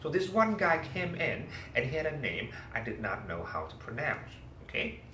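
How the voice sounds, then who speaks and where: In an echoey classroom captured from a far-off mic, an animated teacher tells a story and quizzes his students. He has a fairly high voice at a moderate pace, with faint ambience and a bit of hiss or hum.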